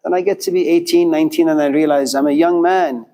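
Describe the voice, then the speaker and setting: A man's voice: fairly high pitch, fairly even intonation, fast talker, warm tone. A man lecturing to a class, telling a life story in a repetitive, rhythmic way with quoted inner voices.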